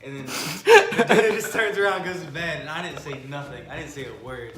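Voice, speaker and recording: A man's voice: a little high, fairly quick, roomy sound. A young man casually and matter-of-factly retelling what happened one night to his roommate. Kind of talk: casual chat.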